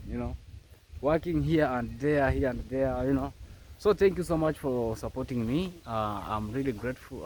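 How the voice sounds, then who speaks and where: A young man talks to camera at a rural family home, eager and effusive, often repeating his words. His voice sits at a middle pitch for a man. Farm noise from chickens and a rooster comes through clearly in this outdoor recording. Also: a little mellow. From Kenya. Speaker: vlogger. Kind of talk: casual vlog talk to camera.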